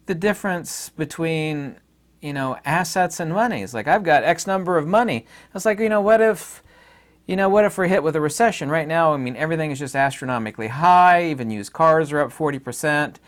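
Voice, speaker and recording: A middle-aged man hosting his own channel, giving a rambling, opinionated monologue full of fillers and asides. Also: fairly high pitch. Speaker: channel host. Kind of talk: casual monologue to camera.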